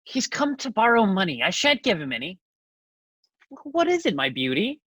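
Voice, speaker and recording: A woman's voice: medium pitch, very animated, moderate pace, fairly bright tone, husky, no room sound. A woman playing a fawning old landowner. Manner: gushing, endearment-laden, theatrical. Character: fussy fawning older male landowner. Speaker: student actor. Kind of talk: stage acting.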